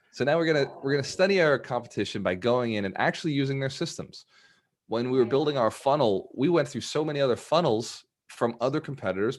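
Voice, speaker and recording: Casting: upbeat male mentor hosting a live video call, coaching his group with drive. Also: mid-range voice. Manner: energetic, motivational, laughs often. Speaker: host and business mentor.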